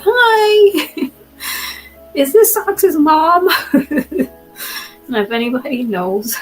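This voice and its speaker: A woman recounts a personal story in a loose, meandering way, often apologizing for wandering off track. Her voice moves between quiet tearfulness and small laughs. Faint music plays softly underneath. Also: mid-range voice, low-quality recording. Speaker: pet owner sharing a personal story.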